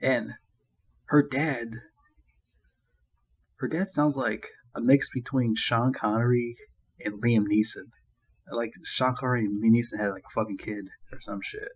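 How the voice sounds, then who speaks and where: A man's voice: mid-range voice, steady tone, measured pace, pauses often, breathy edge, poor audio. A man giving a casual movie review, rambling and ranting with constant swearing and crude jokes. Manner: crude, profanity-laden rambling; annoyed ranting.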